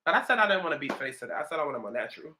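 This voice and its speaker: A woman's voice: sits low, big pitch swings, very fast, bright, forceful tone, a little hiss or hum. A woman around thirty with a New York accent, chatting sassily and with lots of profanity while doing her makeup at home. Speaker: vlogger. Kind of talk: get-ready-with-me casual chat.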